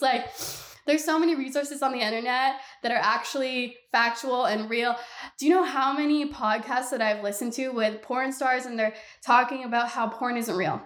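A woman's voice: high voice, measured pace, fairly bright tone, roomy sound. A woman in her twenties hosting a podcast alone, ranting candidly in casual talk and swearing freely. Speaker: podcast host. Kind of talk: casual solo podcast rant.

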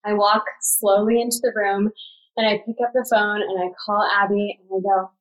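A woman's voice: mid-range voice, moderate pace, low-quality recording. Chatty woman telling a story animatedly. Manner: animated, filler-heavy retelling with frequent "like". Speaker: podcast guest. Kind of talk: casual storytelling.

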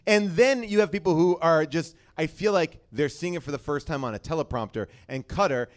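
A man's voice: fairly high pitch, expressive, fairly quick. A man on a panel laughing and joking while airing a complaint in casual chat.

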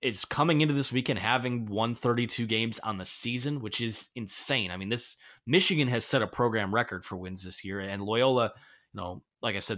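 A man's voice: medium pitch, sharp tone. A man hosting a casual sports talk show, giving earnest, emphatic opinions. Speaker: podcast host.

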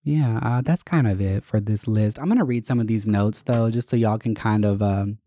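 A young man with a lowish voice shares personal stories in a loose, rambling way. He is blunt and swears freely, often pausing on "um" and "like." The sound is dry and close, with no room around him. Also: warm tone, no echo. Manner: candid, profane, rambling with many fillers. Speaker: vlogger. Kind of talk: casual storytelling to camera.

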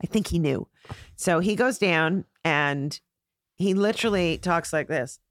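Middle-aged woman comic, low voice, lively anecdotes with acted-out quotes, dry close sound. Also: measured pace, dry recording. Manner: animated storyteller acting out quoted voices. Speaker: comedian guest. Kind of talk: podcast storytelling chat.

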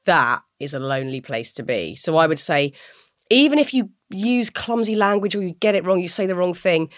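Expressive woman, lively pitch swings. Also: moderate pace, dry recording, clean studio sound. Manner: earnest advice, then bursts into high laughter. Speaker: podcast co-host. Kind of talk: casual podcast chat.

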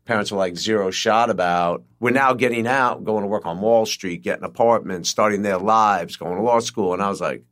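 A man's voice: on the low side, brisk, hardly any pauses. A middle-aged man chatting casually on a podcast, telling stories with lots of swearing and acting out quotes. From New York. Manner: animated storyteller, heavy swearing, acts out quotes. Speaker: guest screenwriter.

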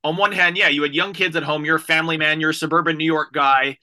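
A man's voice: fairly high pitch, steady tone, fast talker, pushed and bright. A man hosting a podcast, asking long, winding questions. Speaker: podcast host. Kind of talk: interview questions.

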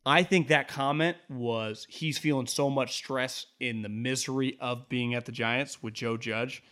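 A man co-hosting a sports podcast, telling animated, jokey stories in casual banter. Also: mid-range voice, measured pace. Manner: animated storyteller, jokey asides. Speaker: sports talk podcast co-host.

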